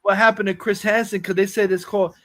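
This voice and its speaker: A man with a high voice talking loosely on a podcast. He keeps it laid back, swears freely and tosses in quick replies of agreement. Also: little pitch movement, fairly bright tone, dry recording. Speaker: podcast co-host. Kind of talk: casual chat.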